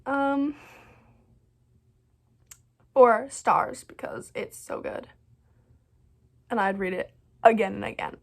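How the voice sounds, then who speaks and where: A woman's voice: a little high, slow, vocal fry, long pauses. A woman chatting casually about books she loved, gushing and rambling with lots of "like" and frequent restarts. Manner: gushing and bubbly, many "like"s and "so good"s; rambling, restarts her sentences. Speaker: book vlogger. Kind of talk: casual reading wrap-up chat.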